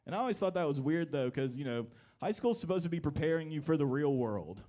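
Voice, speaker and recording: A young man works through a stand-up set at a live comedy club. His delivery is wry and deadpan, and his voice sits a bit high for a man. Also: quick pace.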